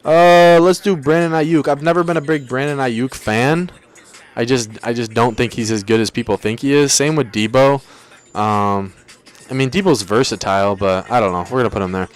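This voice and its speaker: A man's voice: mid-range voice, normal speed, clear, resonant tone. A young man hosting a livestream, ranking players in casual, slangy banter and talking back to his chat. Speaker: livestream host.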